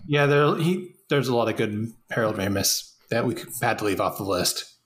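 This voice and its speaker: Wisecracking man with a lively voice. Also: mid-range voice. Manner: quick wisecracking interjections. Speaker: podcast co-host. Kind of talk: casual comedic film recap.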